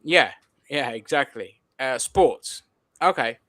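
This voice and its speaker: A man's voice: mid-range voice, lively intonation, takes it slowly, a bit bright, no echo. A man in a casual political discussion who talks bluntly and swears freely.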